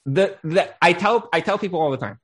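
A man's voice: high voice, fairly quick. A man, a rabbi and accountant, giving relationship advice in casual conversation, telling stories and acting out quoted lines. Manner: animated storyteller, acts out quoted lines; Hebrew blessings dropped into talk.

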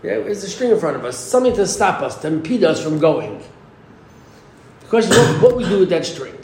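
A man's voice: high voice, very animated, fairly quick, a little mellow. A man teaching an informal Torah class in a conversational way, posing rhetorical questions and often restarting his sentences. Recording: roomy echo with faint ambience.

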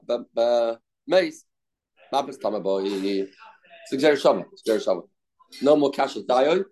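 A man leading a Talmud study class, his voice at an ordinary middle pitch. He chants phrases over and over in a sing-song rhythm and mixes English with Hebrew and Aramaic terms. He stops now and then to answer students' questions. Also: darkish tone. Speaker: Talmud teacher.

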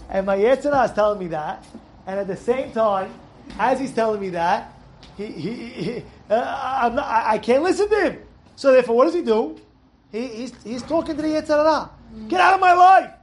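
A young adult rabbi giving an animated, emphatic Torah lesson to young students, telling a story and repeating phrases for stress. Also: male voice, extremely high pitch, fairly quick. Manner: emphatic, repeats phrases, shouts in acted quotes.

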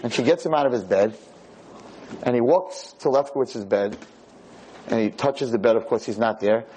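A man giving a lecture on camera, telling a story in a dramatic, repetitive, animated way. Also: medium pitch, normal speed, low-quality recording. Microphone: filmed on camera.

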